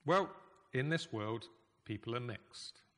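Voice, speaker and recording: A man preaching a sermon in a conversational, emphatic way, with pauses. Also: mid-range voice, expressive, a bit bright. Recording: echoey hall reverb.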